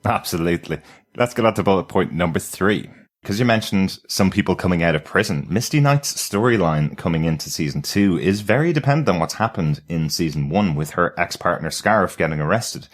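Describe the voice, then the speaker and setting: A man's voice: deep voice, expressive, fairly quick. A man co-hosting a podcast, chatty and enthusiastic, laughing easily. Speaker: podcast co-host. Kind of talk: casual review chat.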